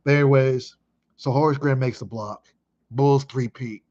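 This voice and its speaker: A man in his thirties from Chicago talks through an old memory, emphatic and full of swearing. His voice sits at a medium pitch. The recording sounds dull and lo-fi. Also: normal speed. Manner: excitable, emphatic, heavy swearing. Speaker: vlogger. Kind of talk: casual reminiscing monologue.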